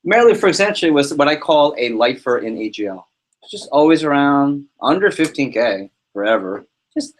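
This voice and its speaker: A man leading a sales team meeting, giving an energetic motivational talk full of anecdotes and repetition. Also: on the high side, a little fast. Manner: energetic, repeats himself, tells anecdotes. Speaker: team leader running a sales prep meeting.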